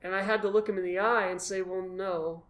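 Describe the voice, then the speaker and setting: A man as the guest, telling his story in an animated, self-deprecating way and acting out his own past thoughts. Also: high voice, brisk. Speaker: guest, costumed charity volunteer. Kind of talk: casual storytelling in a conversation.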